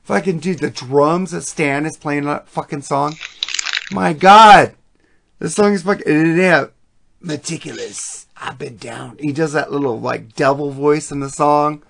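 A man's voice: on the high side, a little slow, gravelly, fairly bright tone, a little hiss or hum. A man hosting a podcast, talking about songs in a casual, profane and enthusiastic way that rambles. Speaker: podcast host. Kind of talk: casual music chat.

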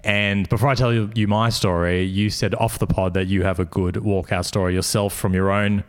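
A man's voice: fairly low pitch, little pitch movement, normal speed, clear, resonant tone. An Australian man hosting a podcast, telling stories in a casual, laughing way. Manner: laughing, storytelling. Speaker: podcast host. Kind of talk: casual chat.

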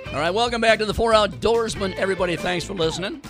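Hoarse, jokey radio host man. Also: sits high, fast talker, music in the background. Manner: jokey, rambling, with stammered restarts. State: hoarse from cheering. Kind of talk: casual radio chat.

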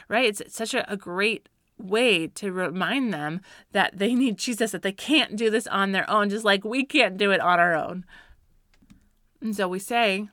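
A woman's voice: medium pitch, normal speed, bright, forceful tone, no echo, studio quality. A woman and mother giving casual Christian parenting advice, earnest and encouraging, with light laughs and fillers.

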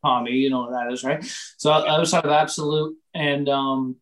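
A young man, a comedian from Canada, telling a story in casual podcast chat, animated and full of swearing and fillers. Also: medium pitch, normal speed, poor audio.

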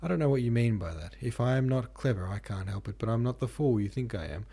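A man reading the lines of a petulant, sharp-tongued young woman in an audiobook, defensive and cantankerous. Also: mid-range voice, lively intonation, fast, husky.

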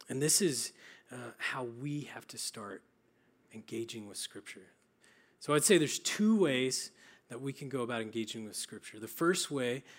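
A young man giving an earnest, practical sermon, often pausing with fillers and restarting his phrases. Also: mid-range voice. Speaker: preacher.

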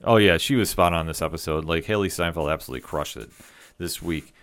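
A man with a low, smooth voice recaps an episode for a podcast. He talks casually and keeps the story going with fillers and quick asides. His energy is enthusiastic. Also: fairly bright tone. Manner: enthusiastic, rambling retelling with fillers. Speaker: podcast co-host.

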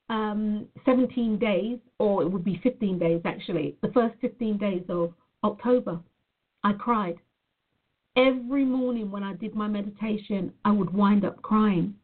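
A woman from Nevada speaking earnestly and reflectively to her viewers, often repeating her phrases. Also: a little high. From Nevada, USA. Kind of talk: personal monologue to viewers. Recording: phone-like narrow sound.

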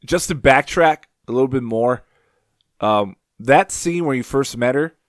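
A man's voice: mid-range voice, animated, unhurried, dry recording, studio quality. Blunt, stammering podcast co-host, a man. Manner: blunt, swears freely, stammering restarts. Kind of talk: casual chat.

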